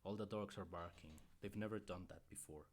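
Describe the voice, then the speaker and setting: Man voicing a steady protective young lord. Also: sits low, brisk. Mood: alarmed. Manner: calm, gentle reassurance.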